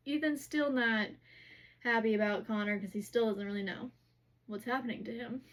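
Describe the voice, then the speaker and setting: Woman, casual book recap vlog, rambling, lots of fillers, slightly high voice. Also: normal speed, fairly bright tone. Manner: rambling, heavy use of "like" and "whatever".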